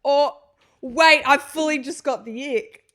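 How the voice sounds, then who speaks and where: A woman's voice: high-pitched, a little slow, a bit bright. Giggly woman co-host. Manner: giggly, playful, teasing. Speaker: podcast co-host. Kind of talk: casual chat.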